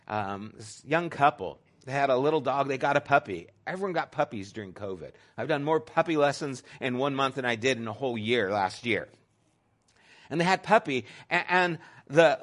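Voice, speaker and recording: Here a middle-aged pastor speaks at a moderate pace, his voice pitched a little high. His sermon has a conversational feel, alternating between forceful emphasis and quiet, hushed passages.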